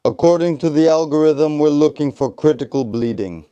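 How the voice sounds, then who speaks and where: A man's voice: fairly high pitch, moderate pace, mellow, clean tone, no echo, muffled recording. A man instructing trainees in tactical first aid, coaching them step by step and repeating short encouragements. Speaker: military tactical medicine instructor.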